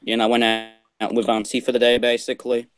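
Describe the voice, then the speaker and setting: A man's voice: medium pitch, completely flat delivery, a little fast, clean tone. A man with an Australian accent co-hosting a casual podcast, loose and sweary. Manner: loose, with frequent swearing and fillers. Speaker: podcast co-host. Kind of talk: casual chat.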